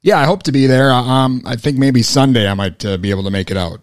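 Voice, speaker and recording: A man with a Minnesotan accent hosting an interview, friendly and hesitant, filling pauses with many uhs. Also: mid-range voice, dry recording, clean studio sound. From Minnesota, USA. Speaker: interview host. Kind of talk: casual interview.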